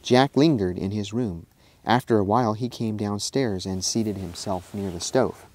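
A man, a minister, reading an old-fashioned storybook aloud in a steady, plain way. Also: on the low side, normal speed.

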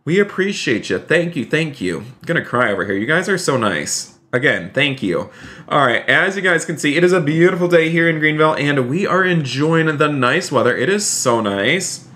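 A male streamer giving excitable, gushing live-stream role-play commentary, often jumping into high squeals. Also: moderate pace.

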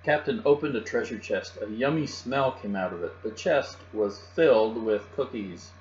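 Man reading a kids' storybook, mid-pitched, soft and even; dull lo-fi recording, faint hum. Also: moderate pace. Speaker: storybook reader. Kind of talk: reading a picture book aloud.

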